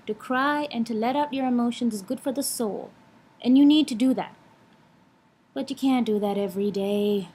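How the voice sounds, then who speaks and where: A woman's voice: a little high, darkish tone. A young woman vlogging in a blunt, frank way, swearing freely while she lectures and gives advice. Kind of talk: casual vlog talk.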